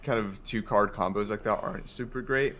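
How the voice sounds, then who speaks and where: A man's voice: on the low side, brisk, background noise. A man co-hosting a casual gaming podcast, easygoing and hedging his points with frequent ums. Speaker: podcast co-host.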